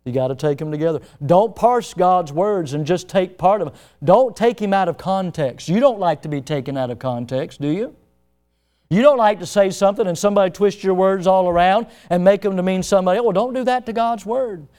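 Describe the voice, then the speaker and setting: A man preaching a sermon in a slightly high voice. He climbs to loud, pressing questions and sinks low and quiet when he retells a story. Faint music plays behind him. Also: fairly quick, clean tone. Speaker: pastor.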